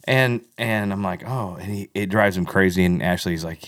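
A man co-hosting a podcast in casual chat, animated and often laughing as he tells stories. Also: low-pitched, moderate pace, few pauses, no echo, clean studio sound. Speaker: podcast co-host.

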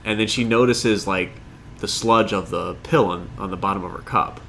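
A man with a fairly low voice and a bright, forward tone tells a story in relaxed podcast conversation, earnest with a wry streak. Light background hiss. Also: normal speed, gravelly. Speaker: podcast co-host. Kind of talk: casual chat.

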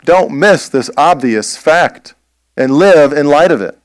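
A man preaching a sermon as pastor, slow and emphatic, posing rhetorical questions. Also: on the high side, expressive, clear, resonant tone, dry recording.

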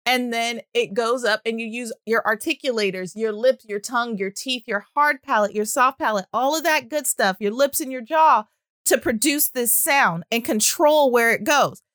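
A woman with a high, bright-pitched voice talks in a chatty, animated way as a speech-language pathologist. She explains things casually and fills her sentences with little fillers. The sound is dry and close, with no room echo. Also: moderate pace. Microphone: audio-only recording.

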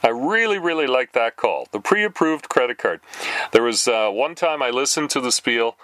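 A man spins casual stories in a bright, forward voice, peppered with "uh"s and quick laughs. The recording is dry and close, with no room sound. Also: no room sound. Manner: chatty, frequent fillers, laughs at his own stories; animated, jumps higher when reenacting calls. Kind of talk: casual storytelling monologue.

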